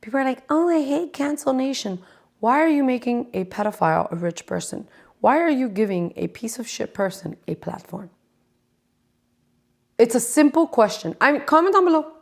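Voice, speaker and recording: A woman's voice: on the high side, sing-song, moderate pace, gravelly. A woman in her forties hosting a podcast, ranting casually with lots of swearing and sarcasm. She talks straight to her listeners and often drops into stage whispers. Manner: profane and exasperated, dropping into stage whispers; sarcastic, addresses the audience directly. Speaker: podcast host.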